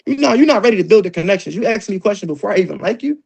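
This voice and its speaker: A man leading an energetic sales training session, joking and acting out doorstep exchanges. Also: high-pitched, very fast, creaky, hardly any pauses, breathy edge.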